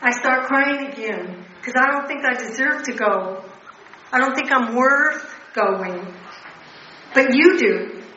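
A woman's voice: sits high, slow pace, pushed and bright, slight background noise. An older woman speaking earnestly and bluntly about recovery to a meeting, heard from a distance in a large room. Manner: emotional, earnest, blunt with profanity. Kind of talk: personal recovery talk. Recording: distant, echoey, muffled hall recording.

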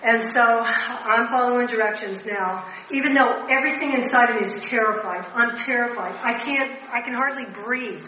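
An older woman speaks with raw, blunt earnestness to a recovery meeting, her voice bright and a little high. She sits well back from the microphone, so the sound is dull and muffled. A long, heavy echo fills the big room around her. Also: normal speed, hardly any pauses, a little hiss or hum. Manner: emotional, earnest, blunt with profanity. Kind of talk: personal recovery talk. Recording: distant, echoey, muffled hall recording.

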